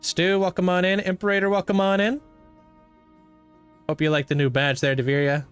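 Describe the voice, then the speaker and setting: Laid-back streamer man, higher voice. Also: steady tone, moderate pace, smooth, soft background music. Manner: laid-back, thanks and greets viewers by name. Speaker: livestreamer. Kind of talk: casual chat with live viewers while playing.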